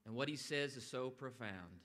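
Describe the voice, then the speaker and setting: A man giving a motivational speech at a public event, animated and now and then bursting into loud quoted lines. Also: mid-range voice, normal speed. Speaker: event speaker. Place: large stone atrium. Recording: long echo of a large hall.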